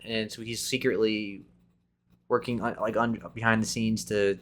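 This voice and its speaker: A man hosting a casual gaming podcast, rambling excitedly and restarting his sentences often. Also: lowish voice, moderate pace. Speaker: podcast host.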